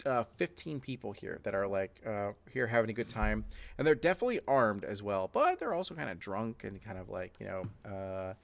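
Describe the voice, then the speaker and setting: A man's voice: fairly low pitch, big pitch swings, brisk, vocal fry. A man narrating as game master of a tabletop game, loose and chatty with many fillers.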